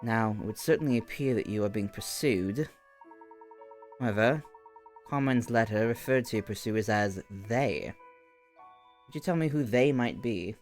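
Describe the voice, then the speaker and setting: A man voicing a calm, courteous gentleman professor while reading game lines. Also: on the low side, measured pace, long pauses, faint music behind.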